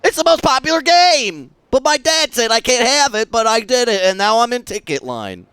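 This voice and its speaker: An eager young boy chatters with high, bright excitement, his voice lifted and loud, as a man puts him on while reading game dialogue. He sounds lively and keen. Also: moderate pace, clean tone, no room sound, exaggerated voice.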